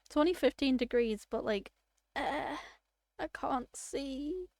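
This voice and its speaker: A woman streaming a live game playthrough, chatty and excitable, swearing casually. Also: sits high, takes it slowly, no room sound, clean studio sound.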